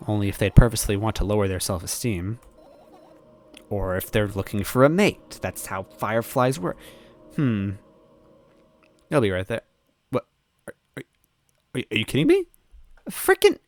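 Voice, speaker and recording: A man hosting a let's play, reading the game's text aloud and answering it with jokes and quick laughs. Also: on the low side. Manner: animated, joking, quick laughs.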